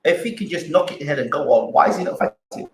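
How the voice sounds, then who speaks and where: A man's voice: a little high, expressive, fast, a little hiss or hum. Argumentative man, echoey room. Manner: rhetorical questions, argumentative. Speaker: boxing channel host. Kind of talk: live-stream commentary, reading chat.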